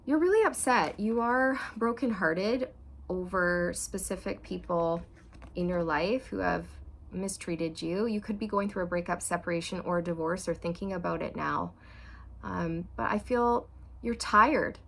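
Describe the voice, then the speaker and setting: In this channeled tarot reading for her viewers, the reader is a chatty, expressive woman with a gravelly voice and an unhurried pace. She swings widely when voicing quoted feelings, then goes soft and low in the emotional parts, over slight background noise.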